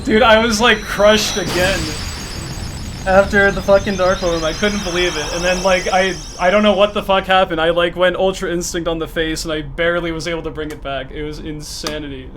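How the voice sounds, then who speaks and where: A man's voice: sits high, a little fast, background noise. A man live-streaming a speedrun, pleading with the game, swearing and cheering as it comes down to the wire. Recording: game music behind the voice.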